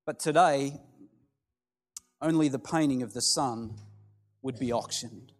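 A man's voice: mid-range voice, close to an everyday voice. A man doing a persistent auctioneer. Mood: insistent. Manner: insistent, measured. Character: persistent male auctioneer, calm, insistent. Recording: long hall reverb with soft music.

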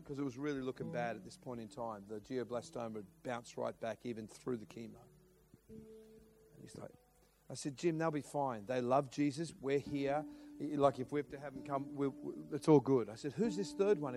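Pastor telling a story in a sermon. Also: male voice, mid-range voice. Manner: animated storytelling with many restarts and acted quotes.

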